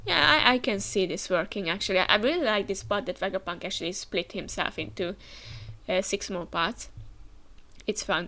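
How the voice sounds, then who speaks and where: A woman hosts a manga reaction, chatting as she reads the panels aloud with her own comments. Her voice is medium-pitched, bright and forceful at a normal speed, and her talk is full of fillers and restarts.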